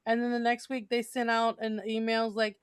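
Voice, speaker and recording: A woman co-hosting a podcast, telling stories in a lively casual chat and laughing often. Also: a little high, moderate pace, smooth, no echo, clean studio sound. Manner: animated storyteller, laughs often. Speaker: podcast co-host.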